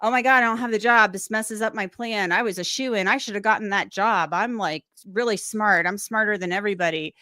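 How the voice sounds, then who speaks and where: A woman's voice: mid-range voice, a little fast, few pauses, sharp tone, dry recording, natural voice. Brief: a woman doing a smug, arrogant young man thinking aloud, close dry sound. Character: imagined arrogant young male suspect.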